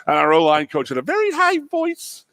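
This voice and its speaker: Middle-aged male radio co-host, lively rambling anecdotes, dry mic. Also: fairly high pitch, brisk, no echo. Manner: animated storyteller, fillers and repeated words. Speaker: co-host, former offensive lineman. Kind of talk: casual sports radio chat. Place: radio broadcast from a restaurant.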